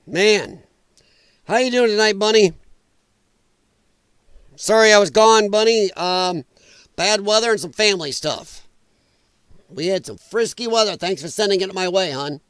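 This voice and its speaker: A man's voice: high-pitched, normal speed, pauses often, a bit bright, smooth, dry recording. A man hosting a live political commentary stream, talking bluntly and with profanity, and chatting with viewers. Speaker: livestream host.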